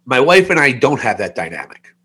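A man's voice: mid-range voice, big pitch swings, brisk, a bit bright, husky. A man in his forties co-hosting a podcast, telling a candid, rambling personal story with self-mocking jokes. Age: 40s. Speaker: podcast co-host. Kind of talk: casual podcast chat.

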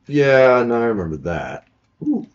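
A man's voice: medium pitch, big pitch swings, a little slow, highs cut off. A young man chatting casually as podcast co-host, laughing often and trailing off mid-sentence. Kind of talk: casual chat.

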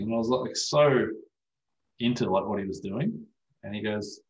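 A man's voice: lowish voice, a little fast, vocal fry, echoey room, low-quality recording. A man speaking as an osteopath guest in casual podcast chat, telling stories animatedly and swearing freely.

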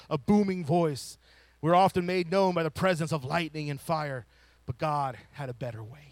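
A man preaching a sermon, rising to loud emphatic lines and falling to soft hushed ones. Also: on the high side, no room sound. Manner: drops to a whisper to show a still small voice.

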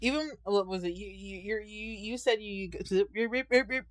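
A woman's voice: medium pitch, a little slow, dry recording. A young woman co-hosting a podcast, chatting casually and acting out stories with frequent laughter. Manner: animated storyteller, laughs often, acts out voices. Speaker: podcast co-host. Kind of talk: casual chat.

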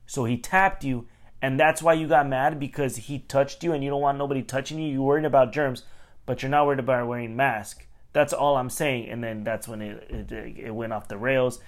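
A man's voice: medium pitch, fairly even intonation, moderate pace. Man telling a rambling, profane story. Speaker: podcast host. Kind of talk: casual storytelling.

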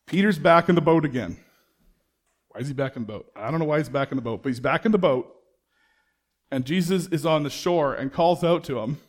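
A man preaching a sermon in a conversational way, asking the congregation rhetorical questions and acting out bits of dialogue. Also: mid-range voice. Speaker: pastor.

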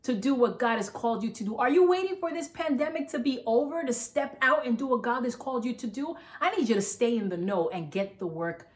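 A woman pastor preaches with fervent, repetitive emphasis, pressing her listeners again and again to listen. Her voice sits a little on the high side. She gets so carried away that she runs short of breath. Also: expressive, fairly quick, few pauses. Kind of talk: sermon.

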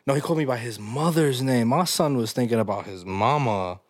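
A man's voice: mid-range voice, fairly quick, dry recording, studio quality. A young man hosting a casual comedy podcast, reading listener stories aloud and reacting with crude slang and frequent laughter.

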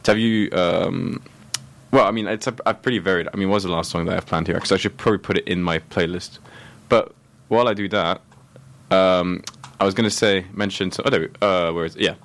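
A young man hosting a student radio show, chatting and joking with a guest. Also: sits low. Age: young adult. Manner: fast, joking, animated. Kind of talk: casual chat.

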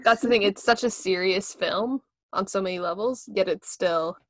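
A young woman hosts a casual film podcast, talking with gushing enthusiasm and frequent laughter, her speech full of fillers. Her voice sits at an ordinary middle pitch. The sound is dry and close, with no room echo. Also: moderate pace. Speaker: podcast host.

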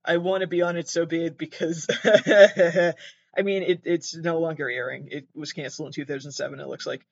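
A man hosting a comedy show, rambling through a digressive monologue that keeps interrupting itself, with sudden squeaky jumps in pitch. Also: steady tone, moderate pace, vocal fry, muffled recording. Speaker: comedy podcast host.

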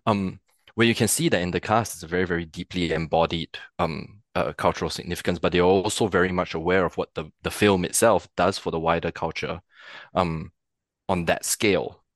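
A man with a deep, low voice explains his ideas as a podcast guest, thinking aloud and often checking in with the listener. He grew up in Singapore and talks in a reflective, conversational way. The recording is dry and close, with little room sound. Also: steady tone, brisk, no echo. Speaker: podcast guest, theatre practitioner.

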